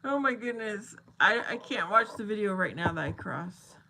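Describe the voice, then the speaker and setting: A woman's voice: medium pitch, animated, normal speed, creaky, background noise. A woman in her forties hosting a casual live chat, reading viewer comments, laughing often and thinking aloud as she talks. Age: 40s.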